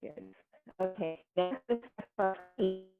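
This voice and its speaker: A woman leading a family yoga class, cueing poses gently and playfully with little animal sounds. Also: medium pitch, takes it slowly, creaky, over loud music. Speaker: yoga instructor. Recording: phone-like sound in a long-echo room.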